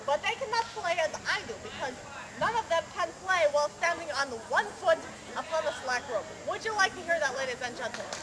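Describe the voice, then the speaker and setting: A woman's voice: extremely high pitch, lively intonation, quick pace. A woman doing a comic slackrope show at a renaissance faire, telling a tall tale with theatrical patter and teasing the audience. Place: outdoor fair stage with a crowd. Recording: noisy outdoor crowd recording.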